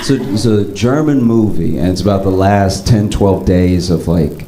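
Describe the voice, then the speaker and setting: Male stand-up comedian, low voice, animated storytelling, roomy echo, background noise. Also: unhurried. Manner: animated storytelling, jumps up high into excited bits.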